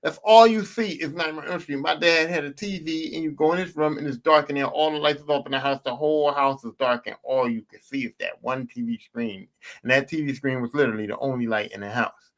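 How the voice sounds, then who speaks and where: A man hosting a podcast, telling stories in a profane, animated, casual way and repeating himself for emphasis. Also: on the high side, brisk. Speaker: podcast host. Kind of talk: casual storytelling monologue.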